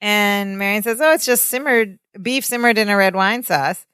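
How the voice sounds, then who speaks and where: A woman's voice: medium pitch, normal speed, clean tone, no room sound, clean studio sound. A woman co-hosting a podcast, recapping a sitcom episode in casual chat and acting out the characters' lines as she goes. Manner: animated retelling, acting out lines. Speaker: podcast co-host.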